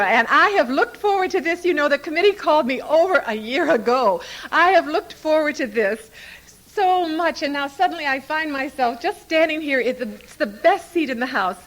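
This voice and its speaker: An older woman speaking at a recovery convention before a live audience, an animated, playful storyteller who laughs often. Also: sits high, normal speed. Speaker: Al-Anon speaker.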